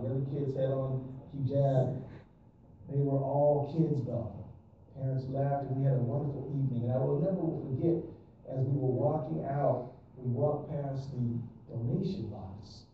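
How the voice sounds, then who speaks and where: A man with a dark, mellow voice gives an emphatic speech with a preacher-like rhythm. He is heard from far off in a very echoey hall. The sound comes from a dull phone recording with some noise. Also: medium pitch. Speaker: speaker at press conference. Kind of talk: public speech. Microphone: phone held in audience.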